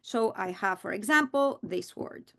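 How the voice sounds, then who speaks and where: A middle-aged woman teacher modeling a reading strategy aloud, slow and deliberate, repeating words for emphasis. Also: mid-range voice, expressive, gravelly, a bit bright.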